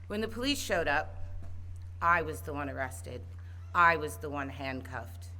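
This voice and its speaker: A woman addresses an outdoor protest rally in a low, bright voice. Her delivery is earnest and personal, building to impassioned calls to the crowd. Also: expressive, unhurried. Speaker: protest speaker.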